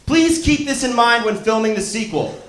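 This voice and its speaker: A male stand-up comic delivering wry punchlines before he introduces the next act. His voice is very high. It echoes through a roomy club room. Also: animated, moderate pace, a bit bright. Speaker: comedian introducing a guest. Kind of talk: stand-up comedy. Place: comedy lounge stage, live.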